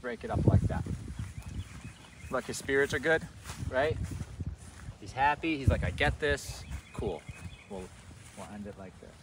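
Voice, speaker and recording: A man working as a dog trainer outdoors, coaching a dog and explaining his steps, swooping into high sing-song praise. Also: animated, a little slow, pauses often. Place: outdoors in a rural field. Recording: distant mic with loud outdoor noise.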